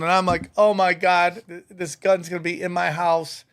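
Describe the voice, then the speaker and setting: Man, high voice, casual podcast story, acts out quotes, dry close sound. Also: normal speed, hardly any pauses, smooth, no echo. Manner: animated, acts out quotes, rising to shouts. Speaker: podcast co-host.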